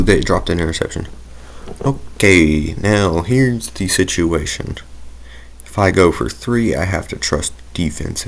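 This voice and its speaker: A man's voice: low-pitched, creaky. A young man giving casual gameplay commentary, rambling into tangents and talking himself through his choices. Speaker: gaming video creator.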